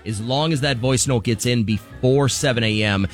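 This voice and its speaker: A man's voice: medium pitch, normal speed, soft background music. A man co-hosting a morning radio show, chatting upbeat and reading contest promos. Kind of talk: casual radio banter.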